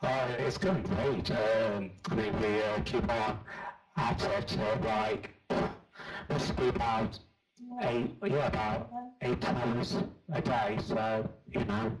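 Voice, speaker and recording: A man's voice: lowish voice, slow pace, roomy sound, soft background music, rough recording. A man guesting on a chat radio show over an online call, answering hesitantly with many fillers. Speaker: guest campaigner.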